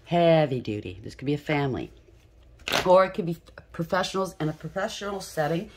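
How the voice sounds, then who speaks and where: A woman's voice: deep voice, expressive, a little fast, background noise. A woman giving a casual tarot reading, blunt and profane, with emphatic repetition. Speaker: tarot reader.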